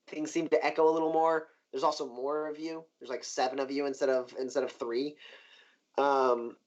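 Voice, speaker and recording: A man running a tabletop game in a loose, chatty way, with plenty of fillers. His voice sits fairly high. The recording sounds dull and lo-fi. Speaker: game master. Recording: dull lo-fi stream audio.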